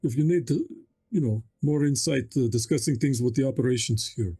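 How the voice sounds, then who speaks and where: A man's voice: medium pitch, fairly quick, mellow, breathy edge. A man voicing a suspicious, polite augmented businessman in a tabletop game. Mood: probing.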